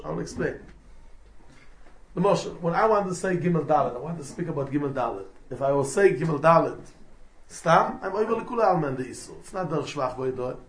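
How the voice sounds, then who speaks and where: With a voice on the high side and a faint hiss or hum in the recording, this man is a rabbi teaching halacha. His Torah lecture moves point by point, explanatory in style, mixing English with Hebrew and Yiddish terminology.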